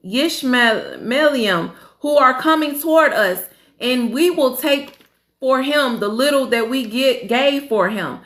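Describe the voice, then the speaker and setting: Slow high-voiced woman reading scripture. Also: a bit bright, echoey room. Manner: slow reading, stumbling over names, casual asides. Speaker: Bible study reader. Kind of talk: reading scripture aloud with commentary.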